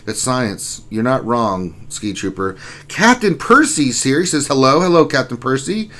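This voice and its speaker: A chatty male stream host runs through his viewers' messages one after another, greeting each by name in easy, offhand talk. His back is sore and his allergies are acting up, and his voice sits at an ordinary middle pitch. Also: sing-song, a little slow, fairly bright tone. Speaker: stream host reading chat. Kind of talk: casual live-stream chat.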